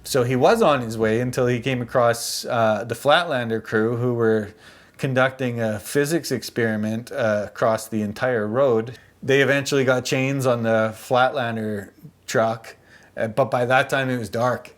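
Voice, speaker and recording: A man vlogging, telling a story casually in a chatty, animated, slangy way. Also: mid-range voice, normal speed.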